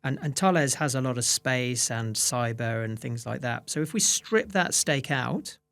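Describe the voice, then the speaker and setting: A man's voice: mid-range voice, expressive, normal speed, creaky, a bit bright. A man, a fund manager, answering interview questions with many restarts and fillers. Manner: hesitant restarts, many "you know"s.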